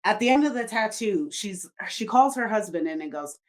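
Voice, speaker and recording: In a casual podcast chat, this female co-host spins a rambling story full of fillers and free swearing. She sounds animated, with a medium-pitched voice at normal speed.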